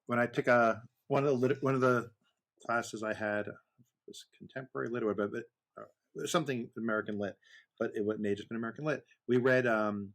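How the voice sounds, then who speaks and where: A man's voice: medium pitch, fairly quick, a bit bright. A man co-hosting a podcast, telling stories that wander and correct themselves. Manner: digressive, self-correcting storyteller. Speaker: podcast co-host. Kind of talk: casual chat.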